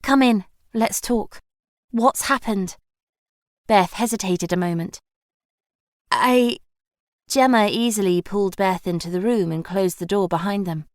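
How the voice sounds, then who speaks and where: A woman narrating an audiobook in an even, measured scripted read. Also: mid-range voice, no room sound, clean studio sound.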